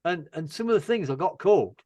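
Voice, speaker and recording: A man's voice: high-pitched, expressive, quick pace, mellow, no room sound. An older man from England in casual chat as a guest, rambling and dry-humoured.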